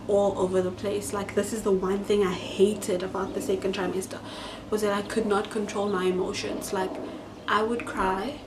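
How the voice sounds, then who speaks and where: A woman's voice: medium pitch, noisy background. A young adult woman with a South African accent, chatting casually to camera in a vlog and filling her talk with "like". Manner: chatty, lots of "like" fillers. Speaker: YouTuber.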